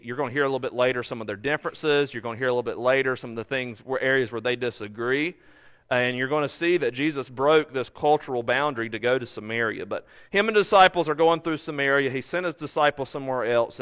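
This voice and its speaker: A man's voice: mid-range voice, fairly bright tone, clear, resonant tone. A male pastor preaching a sermon, earnest and building to emphatic, repeated phrases.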